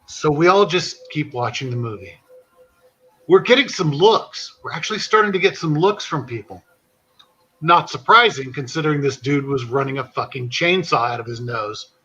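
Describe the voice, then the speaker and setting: A man's voice: on the high side, moderate pace, husky, highs cut off. A man telling a long funny anecdote in a casual chat, often breaking into laughter as he recounts it. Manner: animated anecdote teller, laughing through his story. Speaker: podcast host. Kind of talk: casual storytelling.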